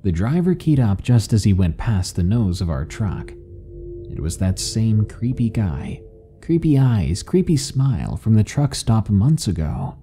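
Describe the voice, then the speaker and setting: A man narrating a horror story in a calm, measured, ominous delivery. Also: lowish voice. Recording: faint background music.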